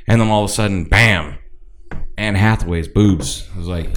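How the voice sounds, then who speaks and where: Deep-voiced man rambling in casual chat. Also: moderate pace. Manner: rambling, profane, restarts often. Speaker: podcast co-host.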